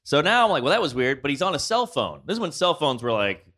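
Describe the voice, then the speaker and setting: A man's voice runs high and bright, swinging wildly in pitch as he tells a rowdy comic story. He acts out every scream and shout as the tale unfolds. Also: fast talker. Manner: loud excitable storyteller who acts out screams. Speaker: podcast host. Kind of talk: animated comedic storytelling. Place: on-the-road recording with guests.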